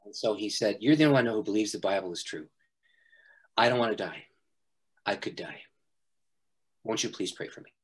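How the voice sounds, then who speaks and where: A middle-aged man, a pastor, telling a personal story in an interview, animated and often laughing. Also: on the low side, a little fast, pauses often, breathy edge. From Canada.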